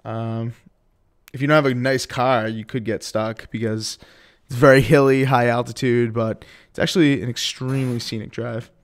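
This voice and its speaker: Smooth-voiced man hosting a podcast. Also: medium pitch, fairly even intonation, moderate pace. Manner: rambling, loose delivery with many fillers. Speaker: podcast host. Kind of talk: casual podcast chat.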